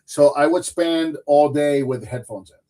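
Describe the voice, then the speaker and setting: A man's voice: a little high, unhurried. A man hosting a livestream podcast, chatting casually and filling his talk with "like" and "dude". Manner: animated, uses "like" and "dude" a lot. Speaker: podcast host. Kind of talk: casual chat.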